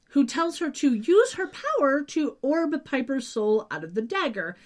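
Chatty woman co-hosting a recap podcast. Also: high-pitched. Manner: chatty, wry asides. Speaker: podcast co-host. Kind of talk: casual recap chat.

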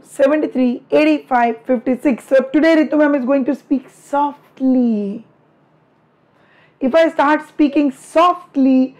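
This middle-aged Indian woman teaches biology online and greets her students in a live class with chatty, affectionate teasing. She speaks high and slow in an Indian English accent, with a darkish tone and a throat slightly worn from many lectures.

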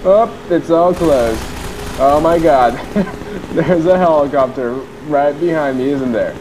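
A man's voice: fairly high pitch, slow pace. A young man giving goofy, boastful let's play commentary, whooping and cheering as he plays. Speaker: gamer. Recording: game sounds and engine noise behind.

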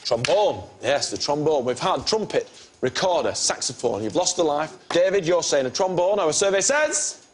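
A man's voice: on the high side, sing-song, normal speed, breathy edge. A man hosting a television game show, upbeat and jokey, teasing the contestants. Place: television studio with live audience. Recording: loud audience and studio noise.

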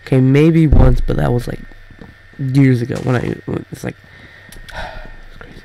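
A teenage boy talks over a video game, his voice sitting at an ordinary middle pitch. He rambles loosely, stalling on fillers and restarting his sentences as he goes. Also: steady tone, a little slow, gravelly, warm tone, a little hiss or hum, poor audio. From Canada. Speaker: gaming YouTuber. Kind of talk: casual gameplay chatter.

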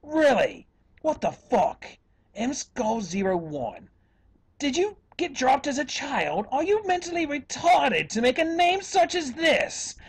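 In full character voice, a man adopts a fake British accent as an evil professor persona and launches profane, insulting rants at fellow video makers. He's a YouTube commentator whose very high voice is sing-song and slow.

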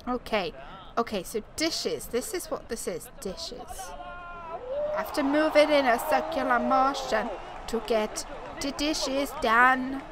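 Chatty woman gamer, slow and a bit high. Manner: chatty, self-narrating, laughs often. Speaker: gaming YouTuber. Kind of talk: let's play commentary. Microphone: desktop USB mic.

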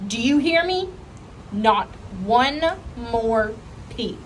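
A woman's voice: on the high side, lively intonation, very slow, a little hiss or hum. A woman reading aloud, voicing a grouchy, scolding old grandmother.

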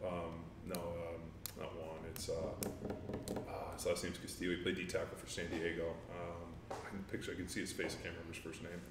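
Very deep-voiced man, laid-back and rambling. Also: monotone, fairly quick, background noise. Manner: laid-back, rambling, with many fillers and profanity. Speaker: guest, former NFL offensive lineman. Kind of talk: casual interview chat. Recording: roomy, distant mic with faint ambience.

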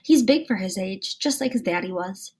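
A woman reading aloud voices a young widowed mother who speaks softly and fondly of her baby. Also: mid-range voice, animated, moderate pace, breathy edge. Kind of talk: read-aloud storybook dialogue.

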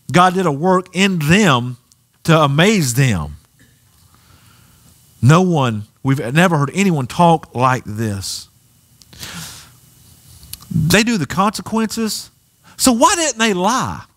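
Southern pastor preaching in church, swoops all over, gets loud. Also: male voice, fairly high pitch. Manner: animated preaching, rising to near shouts. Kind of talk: sermon. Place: church sanctuary.

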